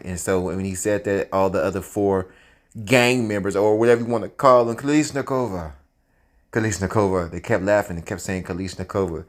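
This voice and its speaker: Animated, profane male storyteller. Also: low voice, a little fast. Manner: animated and profane, breaking into laughter. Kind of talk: casual spoken storytelling.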